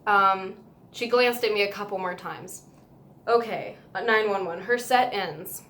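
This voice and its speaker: A woman's voice: mid-range voice, a little slow, a bit bright. Woman, casual storytime vlog, gushing, emotional, rambling fillers, overjoyed, faint background hum. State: overwhelmed with happiness. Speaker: vlogger telling a fan story.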